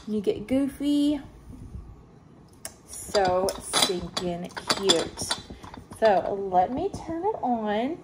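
A young woman with a drawl speaks slowly, breaking into excited gushes. Her talk is casual and full of fillers and restarts. Household clatter and dish noise are clearly audible behind her at home. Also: medium pitch. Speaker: home sales consultant showing a product. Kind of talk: casual product show-and-tell. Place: home room, indoors.

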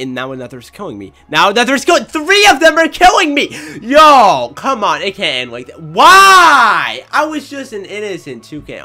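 A young man narrates his own gameplay with hyped energy and frequent loud outbursts. His voice is bright and forceful, and it swings widely in pitch. Faint background music plays under his commentary. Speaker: gaming channel host.

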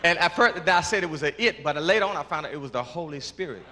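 A man giving his church testimony, halting and repeating words, then rising into shouts of praise. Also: fairly high pitch, animated. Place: large church before a congregation. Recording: reverberant church hall with congregation.

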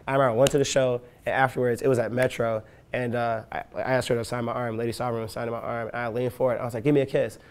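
A young man from Chicago spins profane, animated stories in a casual interview, acting out the voices of everyone he quotes. He talks quickly, with a rough, gravelly edge in his voice. His speaking pitch sits in an ordinary middle range. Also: a little hiss or hum. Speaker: rapper.

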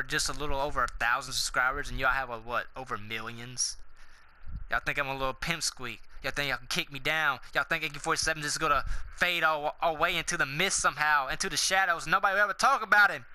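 A man hosting a gaming channel, rambling through a loud, profane, swaggering outro rant that veers from goofy self-mockery into hype. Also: mid-range voice, a little hiss or hum, low-quality recording.

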